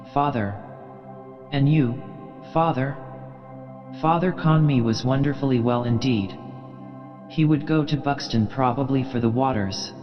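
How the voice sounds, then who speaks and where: Man reading an audiobook with long reverb. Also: medium pitch. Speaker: audiobook narrator. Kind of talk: literary audiobook narration. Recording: dull sound with long reverb, faint music behind.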